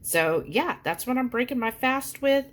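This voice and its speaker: A woman's voice: a little high, animated, moderate pace, fairly bright tone. A woman talking casually to her viewers in a vlog, full of fillers and y'alls. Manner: chatty, lots of fillers, says y'all. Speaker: vlogger.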